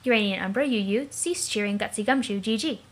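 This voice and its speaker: A woman's voice: mid-range voice, brisk. A woman, host of a let's play, reading a webcomic's narration aloud in a wry, matter-of-fact way.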